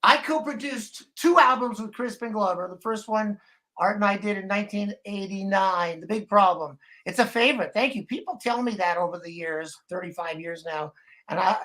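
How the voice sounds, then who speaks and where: A man's voice: high voice, normal speed, a bit bright. Older man rambling through candid stories. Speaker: guest musician. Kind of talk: casual live-stream chat.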